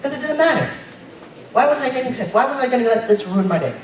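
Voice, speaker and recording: A young man giving a casual, joking sermon as a lay preacher, tagging his points with quick asides. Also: extremely high pitch, lively intonation. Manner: informal and joking, tags lines with "right?". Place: church hall. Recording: very echoey church hall, mic far off. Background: congregation noise.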